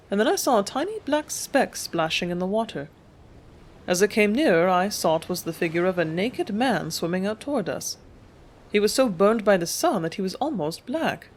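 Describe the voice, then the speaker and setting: A woman reading a first-person memoir as an audiobook narrator, calm and measured. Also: mid-range voice.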